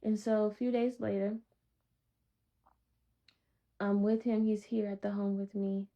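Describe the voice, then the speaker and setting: A woman telling a personal testimony in a calm, blunt, straightforward way. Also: medium pitch, unhurried. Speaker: vlogger sharing a personal testimony. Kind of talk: casual storytelling. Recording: dull lo-fi recording.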